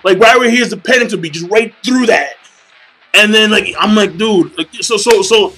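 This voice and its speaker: A young man gushing about a comic chapter in a casual video review, excitable and full of swearing and slang. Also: very high-pitched, slightly rough, poor audio. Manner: hyped, profane, slangy fanboy gushing.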